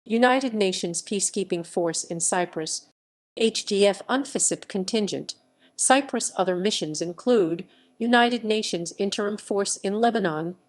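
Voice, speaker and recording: A woman reading an encyclopedia article aloud in an even, listing delivery. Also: medium pitch, moderate pace. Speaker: article reader.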